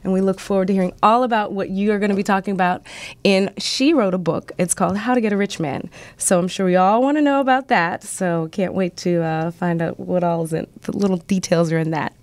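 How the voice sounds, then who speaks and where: A woman's voice: mid-range voice, fairly quick. A woman hosting a radio talk show, bubbly and effusive, a little congested from a cold. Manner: bubbly, effusive, gushing praise. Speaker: radio host.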